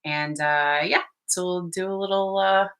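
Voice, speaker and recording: A young woman co-hosting a casual video chat, self-deprecating and quick to laugh. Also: fairly low pitch, fairly even intonation, fairly bright tone. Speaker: co-host, shanty caller.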